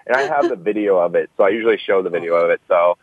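A man with a fairly low voice chats casually as an interview guest, slipping into quoted dialogue as he tells his stories. The recording is dry and a bit dull, as if made over a lo-fi connection. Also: very fast, no room sound. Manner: animated storyteller, acts out quoted dialogue. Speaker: guest, keynote speaker.

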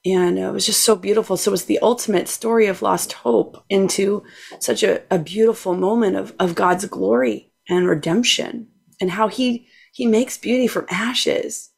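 A woman with a gravelly, fry-edged voice at a middle pitch speaks as a guest. She talks with heartfelt, effusive feeling about her faith. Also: steady tone, normal speed. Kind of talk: emotional testimony.

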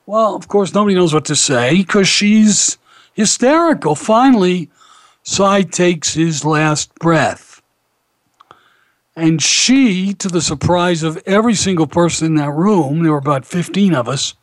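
A man hosts a radio talk show and tells stories in an easy, anecdotal way. His voice sits a little high for a man. The sound is dry and close, with no room around it. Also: unhurried, no echo. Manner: warm anecdotal storyteller, animated when quoting others. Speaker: rabbi and radio show host. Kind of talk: casual radio talk and storytelling.

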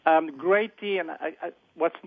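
A man's voice: a little high, unhurried, gravelly, husky. A man with a South African accent, chatting as a guest on a radio panel with some hesitant restarts. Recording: tinny phone-like line.

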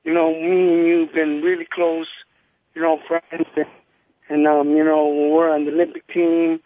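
A man in his thirties, a former boxing champion, telling animated stories over the phone and acting out the people he quotes. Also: on the high side, normal speed, no room sound. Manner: animated, acts out quoted people, many restarts. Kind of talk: casual phone interview storytelling. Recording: tinny phone line, dry.

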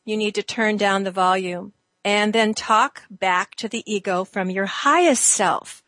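A woman hosting a talk show, leading listeners through a slow, soothing guided exercise with drawn-out phrases. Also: mid-range voice, a bit bright, dry recording. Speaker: host.

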